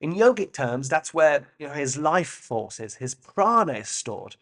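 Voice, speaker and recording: A man's voice: on the high side, big pitch swings, measured pace, fairly bright tone. A man hosting a solo podcast, musing in a playful way with loose asides and the occasional swear word. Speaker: podcast host. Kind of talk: reflective solo monologue.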